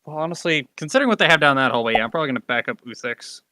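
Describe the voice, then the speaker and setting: A man's voice: fairly high pitch, lively intonation, racing, sharp tone, no echo. A man playing a tabletop game with blunt, joking banter. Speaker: player. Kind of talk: casual game chat.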